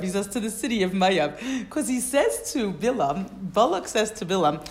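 A woman's voice: mid-range voice, lively intonation, moderate pace, a little hiss or hum. A woman teaching a Torah study class. She reads Hebrew phrases, translates them and asks questions as she explains.

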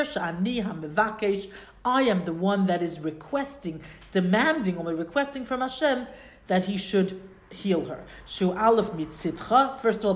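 Woman teaching Torah in a roomy echo. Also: medium pitch. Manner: explains Hebrew phrases, asks rhetorical questions. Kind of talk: Torah lesson.

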